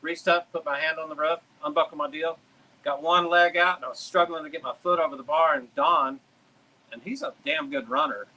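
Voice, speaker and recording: Bright-voiced racing driver, animated storyteller. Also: male voice, on the high side, fairly quick, vocal fry, rough recording. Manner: animated, swears casually, acts out shouted quotes. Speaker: drag racing driver, guest. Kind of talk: casual storytelling.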